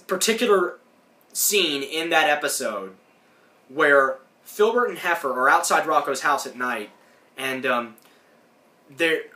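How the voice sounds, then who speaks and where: A man's voice: a little high, pushed and bright, echoey room, recorded from a distance. A man hosting a podcast, rambling through a cartoon episode recap in casual chat. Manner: rambling, acts out lines in put-on voices. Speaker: podcast host.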